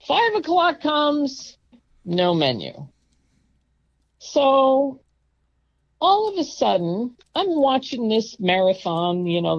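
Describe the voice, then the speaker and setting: An older woman recounts a personal story at an unhurried pace in a low, gravelly voice. She is emphatic and indignant and now and then raises her voice sharply. The recording is dry and a bit muffled. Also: darkish tone, no echo. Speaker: guest telling a personal story. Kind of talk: casual storytelling.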